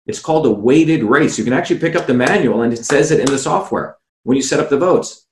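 A man's voice: mid-range voice, animated, fast talker, reverberant, a little hiss or hum. A man guest on a video call, explaining insistently, asking rhetorical questions and addressing the host by name. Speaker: interview guest, former candidate.

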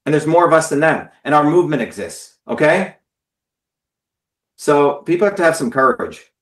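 A man's voice: on the high side, animated, moderate pace, reverberant. A man hosting a live stream, giving a blunt, profane, emphatic political monologue to viewers. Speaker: host of a live call-in stream.

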